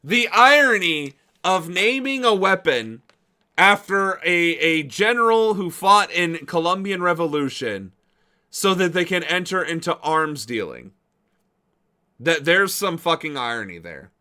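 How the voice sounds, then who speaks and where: On a political livestream, a man riffs in loose commentary, sarcastic and incredulous, swearing freely. His slightly high voice rings bright and forceful, with lively intonation at a measured pace.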